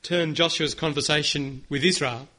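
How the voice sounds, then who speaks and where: A man's voice: on the high side, steady tone, moderate pace, pushed and bright. A man preaching a sermon, earnest and direct, leading his congregation in a call-and-response. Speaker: pastor.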